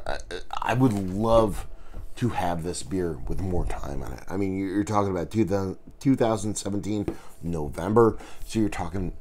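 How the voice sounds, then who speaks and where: A man with a raspy voice, casually reviewing a beer in a laid-back, rambling way, swearing now and then. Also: low-pitched, a little mellow, a little hiss or hum.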